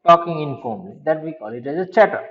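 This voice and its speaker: A man's voice: fairly high pitch, lively intonation, fast. A male teacher explaining a children's story, often asking the class a question and then answering it himself. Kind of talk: explaining a school story to young pupils. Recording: echoey room, dull lo-fi sound.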